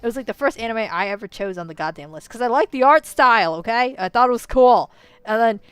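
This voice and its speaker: A woman's voice: on the high side, lively intonation, fast talker, smooth, no room sound. Chatty rambling woman, dry close sound. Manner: chatty and rambling, with many "you know"s and self-corrections; swings between quiet musing and loud outbursts. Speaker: vlogger. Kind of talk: casual rambling commentary.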